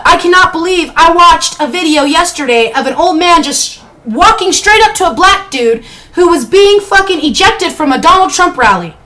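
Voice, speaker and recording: A woman's voice: very high voice, pushed and bright, a little hiss or hum, low-quality recording. A woman live-streaming from her bedroom, ranting bluntly and heatedly with a lot of swearing. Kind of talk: unscripted live-stream rant.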